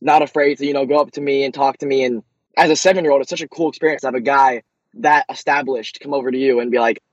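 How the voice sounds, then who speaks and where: A young man, a racing driver, answering interview questions eagerly, with many quick restarts. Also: medium pitch, fairly even intonation, no room sound, dull audio.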